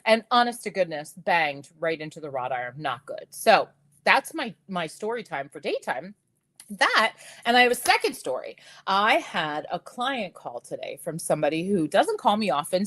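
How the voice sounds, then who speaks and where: A woman in her fifties hosting a live jewelry sales stream, telling stories in a lively, laughing way and talking straight to her viewers. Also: fairly low pitch, moderate pace, no echo. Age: 50s. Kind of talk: chatty live-stream storytelling.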